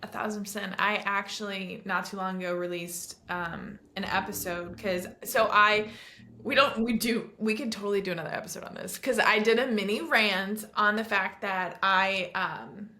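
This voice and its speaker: Young woman podcast host, bright, emphatic chatter in an echoey room. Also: medium pitch, moderate pace. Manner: animated, ranting, emphatic. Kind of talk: casual chat.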